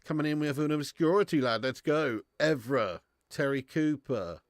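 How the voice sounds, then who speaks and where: A man's voice: a little high, moderate pace, dry recording, studio quality. A man hosting a live football watch-along, bantering with chat and swearing freely. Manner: animated banter with swearing, reads and answers chat.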